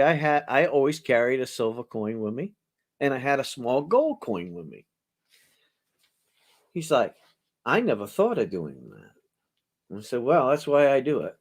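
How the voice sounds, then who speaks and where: A man's voice: medium pitch, animated, normal speed, a little mellow. A middle-aged man hosting a coin auction, telling rambling anecdotes to his audience and chuckling as he goes. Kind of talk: casual storytelling to a live audience.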